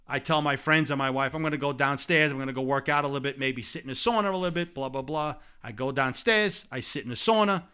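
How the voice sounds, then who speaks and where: A man telling a long, lively personal anecdote in casual conversation, laughing along as he goes. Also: medium pitch, clean tone. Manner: animated anecdote-telling with laughs and repeated "blah, blah". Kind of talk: casual storytelling chat.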